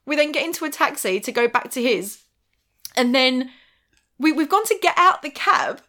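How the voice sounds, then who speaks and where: A woman chatting casually, an animated storyteller who acts out what people said and laughs often. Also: high voice, normal speed. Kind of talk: casual chat.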